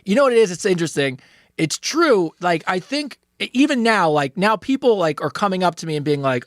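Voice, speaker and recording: A man's voice: high-pitched, animated, fast talker, fairly bright tone, no room sound, studio quality. A man co-hosting an advice podcast in casual chat, laughing often and swearing freely. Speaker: podcast co-host answering listener questions.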